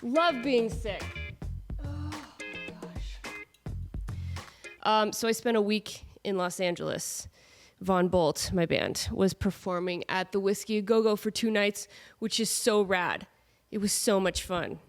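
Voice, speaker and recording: A woman's voice: mid-range voice, a little slow, soft background music. A woman with a cold and a stuffed-up voice, hosting her podcast in a jokey, sarcastic, rambling monologue. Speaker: podcast host. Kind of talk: casual comedic monologue. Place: home setup with camera on tripod.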